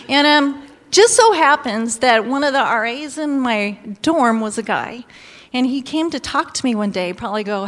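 Woman preacher, lively storytelling, somewhat high voice, reverberant church hall. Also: normal speed. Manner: animated storytelling, exclaiming and laughing. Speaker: pastor's wife or preacher. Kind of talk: sermon with personal story.

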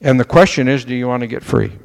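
A man with a mid-range voice and vocal fry preaches quickly as pastor to his church. Speaking conversationally, he throws out rhetorical questions and mimics people who doubt. The sound is that of an echoey church hall with long reverb.

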